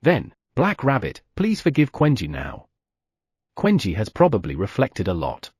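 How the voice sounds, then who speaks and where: A man's voice: lowish voice, wildly swooping pitch, a little slow, a little mellow, slightly rough, dry recording, studio quality, exaggerated voice. A man reading a young man's lines in an audiobook, teasing and kindly. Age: young adult. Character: easygoing young man caring for animals.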